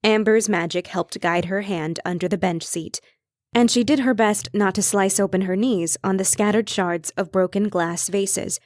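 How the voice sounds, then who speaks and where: A woman reading an audiobook in measured, even scripted narration. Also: medium pitch, dry recording, clean studio sound.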